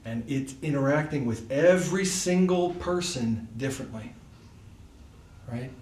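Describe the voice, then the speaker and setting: A man's voice: medium pitch, a little slow, a little mellow. A man telling a personal story in a loose, chatty way at a devotional gathering, full of fillers. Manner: loose and chatty, many fillers like "like" and "you know". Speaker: speaker at a devotional study gathering. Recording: echoey room, voice far from mic, faint hiss.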